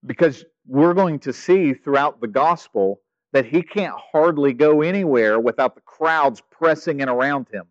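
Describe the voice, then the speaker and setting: A male pastor preaching a sermon, animated, swinging from loud stretches to hushed ones. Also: a little high, measured pace, hardly any pauses, no room sound, lo-fi sound.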